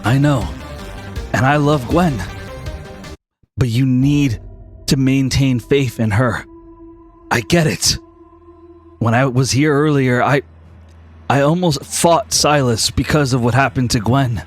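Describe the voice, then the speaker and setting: A man voicing a steady male friend who calmly talks another down. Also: mid-range voice, slow, pauses often, faint music behind, close to an everyday voice. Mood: earnest. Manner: calm, soothing, reasoning.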